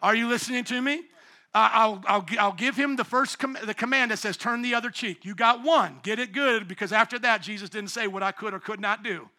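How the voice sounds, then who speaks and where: Emphatic high-voiced male preacher. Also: brisk. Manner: emphatic, swings from hushed to loud preaching; call-and-response with congregation. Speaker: pastor. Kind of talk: sermon.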